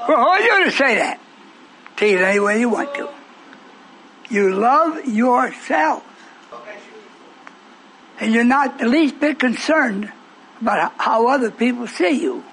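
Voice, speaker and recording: A man's voice: very high-pitched, lively intonation, a little slow, long pauses, bright, forceful tone, slight background noise. A man preaching a sermon, confronting and questioning his congregation.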